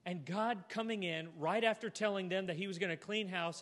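A man preaching a sermon to a church congregation, earnest and heartfelt, ending in a gentle invitation. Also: high voice, steady tone, brisk, few pauses. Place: church auditorium. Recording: long hall reverb.

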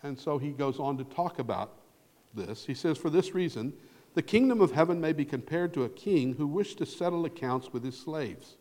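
A man preaching a sermon as a pastor, earnest, swelling loud on key words and dropping nearly to a whisper. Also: a little high, lively intonation, normal speed. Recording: long hall reverb.

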